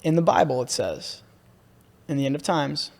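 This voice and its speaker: A young man on a podcast, excitedly telling a long story and calling his listener "bro" a lot. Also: on the high side, moderate pace, gravelly. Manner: excitable, repeats himself, says "bro" a lot. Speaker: podcast host. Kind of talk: casual podcast chat, storytelling. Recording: room with long reverb.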